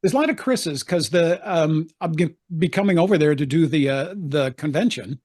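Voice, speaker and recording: A man's voice: fairly high pitch, normal speed, darkish tone. An older man, an actor, telling anecdotes in a chatty interview, laughing often and acting out the voices he quotes. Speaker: actor guest.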